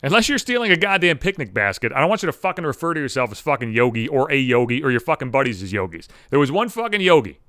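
A man's voice: medium pitch, very animated, quick pace, hardly any pauses, a bit bright, no room sound, clean studio sound. A man hosting a podcast, delivering a sarcastic, heavily profane comedic rant. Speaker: podcast host.

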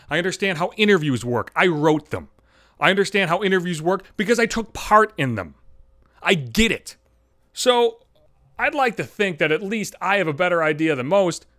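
Male podcast host, angry cursing monologue, stammers when heated, slightly high voice with a very lively pitch. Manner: angry, profane, heated ranting; stammering restarts when worked up. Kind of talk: solo podcast rant.

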